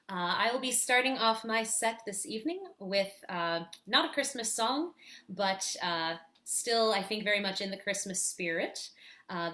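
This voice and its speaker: A woman singer briefly introducing her set, quick and friendly with a few filler "uh"s. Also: mid-range voice, pushed and bright. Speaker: guest singer.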